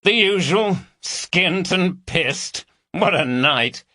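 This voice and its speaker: A man's voice: sits high, animated, extremely slow, bright, forceful tone, no echo, voice pushed up, heavily acted. A man voicing a raucous, cheeky lad from London, full of banter. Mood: teasing.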